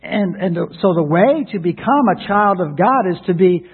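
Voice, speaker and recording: A man's voice: high-pitched, animated, moderate pace, slightly rough. A man preaching a sermon as pastor, earnest and prone to repeating words as he starts a thought. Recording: tinny narrowband radio broadcast.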